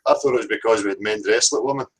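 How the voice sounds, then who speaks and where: A man's voice: fairly low pitch, very fast, noisy background. A man with a Scottish accent, hosting a casual online chat in a teasing, joking manner. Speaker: host.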